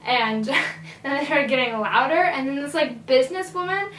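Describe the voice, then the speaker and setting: A woman's voice: high-pitched, normal speed, a bit bright, roomy sound, recorded from a distance, slight background noise, rough recording. A teenage girl from Virginia telling a casual storytime, chatty and full of "like.". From Virginia, USA. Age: teens. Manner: chatty, filler-heavy "like". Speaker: vlogger.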